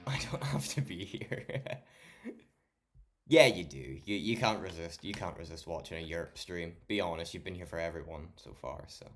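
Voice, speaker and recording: A man's voice: low voice, normal speed, fairly bright tone, faint music behind. A man streaming late at night, chatting casually with his chat, swearing freely and talking to viewers by name. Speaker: livestreamer.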